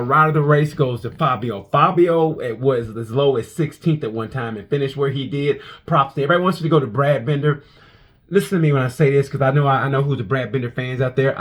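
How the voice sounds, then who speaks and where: A man, a comedian, reviewing a motorcycle race in a casual, animated monologue full of restarts and profanity. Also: medium pitch, fairly quick.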